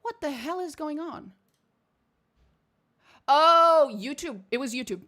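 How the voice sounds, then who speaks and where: A young woman from Portugal streams a game, laughing and cursing through blunt remarks. Her high voice swings widely in pitch at a brisk pace, and her accent drifts, mostly posh British or American with a slight Portuguese edge.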